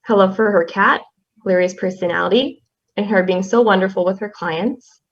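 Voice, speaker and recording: A young woman, a class representative, reading a tribute poem in a soft-spoken, halting way with fillers. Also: medium pitch. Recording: slightly dull lo-fi audio.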